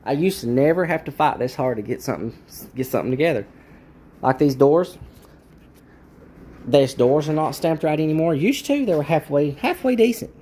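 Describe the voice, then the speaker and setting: A man's voice: fairly high pitch, lively intonation, normal speed, dark tone, slight background noise. A man, a car restorer, ranting in a frustrated way about bad parts in his garage workshop.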